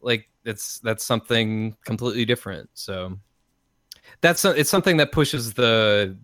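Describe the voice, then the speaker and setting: A man co-hosting a casual podcast about retro games, excitable and animated, with many restarts. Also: medium pitch, moderate pace, no room sound. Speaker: podcast co-host. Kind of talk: casual chat.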